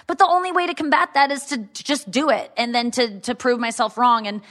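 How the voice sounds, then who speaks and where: A woman's voice: a little high, brisk, a bit bright. A woman comedian in casual podcast talk, chatty and self-deprecating, often restarting her sentences. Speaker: comedian guest.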